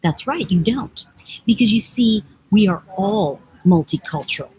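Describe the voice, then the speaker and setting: A woman hosts a loose, digressive livestream from an airport lounge, reading and answering viewer comments in a casual, teasing way. Her voice sits at an ordinary middle pitch. Faint noise hums behind her. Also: animated, unhurried, warm tone, low-quality recording. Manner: rambling, chatty, digressive, teasing. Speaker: livestream host and oracle deck author.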